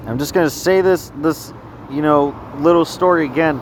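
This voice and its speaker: A man rambling through a personal story in a halting, repetitive vlog, often trailing off and restarting. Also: a little high, a little hiss or hum. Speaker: vlogger.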